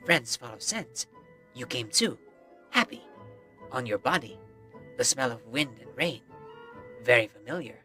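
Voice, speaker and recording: Woman voicing a simple wolf-boy for a game; broken phrases, unhurried. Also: a bass voice, animated, bright, forceful tone, faint music behind, full character voice. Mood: earnest. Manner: broken short phrases, sniffing out scents. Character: wild young wolf-raised man, gentle and simple. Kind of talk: reading game dialogue aloud.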